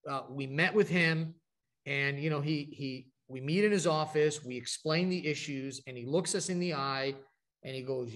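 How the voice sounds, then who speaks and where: Chatty storytelling man, slightly high voice. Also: a bit bright. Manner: conversational, storytelling, frequent asides and restarts. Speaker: speaker at an advocacy training event. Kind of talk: informal presentation to a group.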